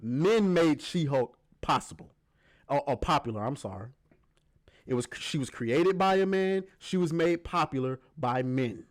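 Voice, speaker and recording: A man with a fairly high voice delivers fired-up reaction commentary on a video clip. He argues hard, pushes his points with emphasis and swears freely. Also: lively intonation, unhurried. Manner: argumentative, emphatic, swears often.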